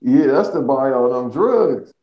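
A man trading quick slangy jokes on a podcast. His voice bounces around a roomy space, and the sound is a little dull and lo-fi. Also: mid-range voice, expressive. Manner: quick joking comebacks, slangy. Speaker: podcast guest. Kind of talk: casual podcast banter.

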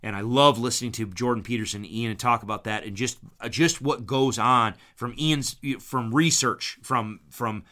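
Man, host type, bright forceful voice, loose rambling talk full of restarts. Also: medium pitch, moderate pace, few pauses. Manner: rambling, frequent restarts and stammered repeats; animated when retelling arguments, acting out quotes. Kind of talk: casual monologue.

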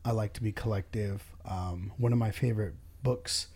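A man's voice: fairly low pitch, steady tone, normal speed, a little mellow, breathy edge. A man who runs his own business, talking casually and bluntly in a podcast chat, swearing freely and acting out bits of dialogue. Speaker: business owner and boss.

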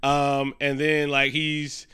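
A man in casual podcast chat, retelling a movie in a lively, profane way and acting out characters' lines. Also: a little high, takes it slowly, clean tone. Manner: animated, profane retelling with quoted character lines and frequent laughs. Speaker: podcast co-host.

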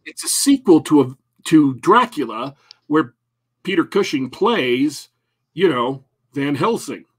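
A man's voice: a little high, sing-song, slow pace, breathy edge. A man co-hosting a casual talk show, rambling and joking with many restarts. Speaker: podcast co-host. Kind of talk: casual chat.

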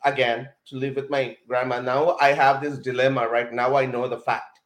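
A man's voice: mid-range voice, normal speed. Man telling his story in a roomy echo. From India. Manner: animated, filler-heavy telling with many restarts. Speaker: podcast guest. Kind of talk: personal storytelling in conversation.

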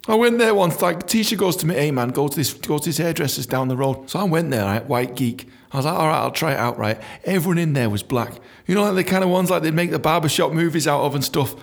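A man's voice: fairly high pitch, expressive, fast, vocal fry, few pauses. A young adult man from England telling a story casually, swearing often and saying "man" a lot. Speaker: podcast storyteller.

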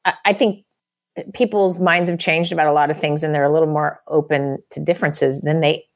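A woman's voice: deep voice, fairly even intonation, a little fast. A woman hosting an advice podcast, giving encouraging, coaching advice in casual chat with many fillers.

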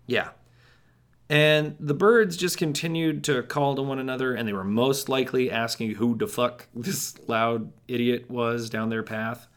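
A man's voice: medium pitch, steady tone, unhurried, lightly acted. Man as a jittery paranoid hiker. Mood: rambling. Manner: rambling, wry asides to listener. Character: jittery paranoid young man lost on trail. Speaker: first-person narrator. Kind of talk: monologue storytelling.

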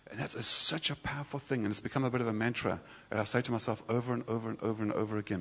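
A man sharing a personal sermon testimony in a church, conversational and halting, with many restarts. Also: mid-range voice, steady tone, a bit bright, slightly rough. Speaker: church speaker. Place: church hall. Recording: reverberant church hall.

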